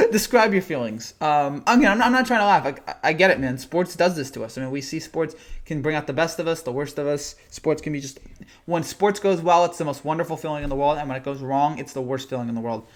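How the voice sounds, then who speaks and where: A young man hosting a late-night sports live stream, tired, rambling and teasing as he answers chat comments. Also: a little high.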